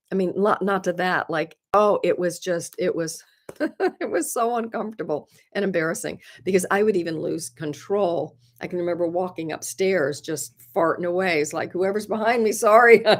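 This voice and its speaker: A woman hosting a live stream, chatting candidly and earnestly with viewers, often laughing at herself and offering encouragement. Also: on the low side. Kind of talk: casual chat answering viewer comments.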